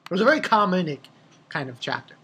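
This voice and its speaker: A young man casually reviewing a comic chapter, rambling and excitable, swearing freely and laughing at his own jokes. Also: high voice, unhurried, husky. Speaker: manga reviewer.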